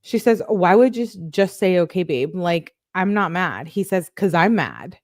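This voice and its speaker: Female true crime vlogger, lower voice, reads texts fast with sarcastic asides; dry, close sound. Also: lively intonation, no room sound. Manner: quick, sarcastic asides between read-out texts. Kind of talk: reading text messages aloud with commentary.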